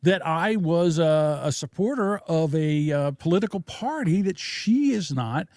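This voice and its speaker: A man's voice: on the high side, animated, measured pace, darkish tone, no room sound, studio quality. A man co-hosting a podcast, giving blunt opinions in casual chat and rambling with restarts and fillers. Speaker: podcast co-host.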